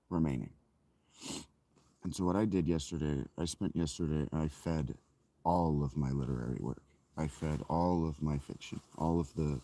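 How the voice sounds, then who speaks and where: A very deep, dark-toned male voice belongs to an author in his thirties who is reading his own novel. He chats casually and reflectively, rambling and frequently correcting himself. The recording is dry.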